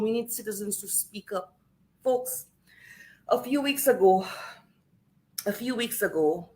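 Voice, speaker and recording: Over poor audio, a woman from Saint Lucia with a fairly high voice delivers a tearful, impassioned political livestream from her home in Canada. She repeats phrases to drive her points home.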